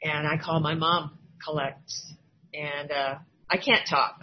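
A woman's voice: low voice, fairly even intonation, slow, slight background noise. An older woman from Iowa telling her own recovery story to a meeting, candid and acting out the voices she quotes. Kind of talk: personal testimony at a recovery meeting. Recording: dull lo-fi recording, faint ambience.

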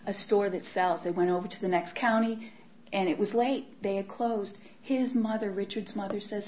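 A woman's voice: medium pitch, normal speed, highs cut off, a crowd in the background. A woman giving an emotional personal testimony about her past, acting out her old inner voice and at times dropping to a whisper. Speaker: speaker sharing a recovery story.

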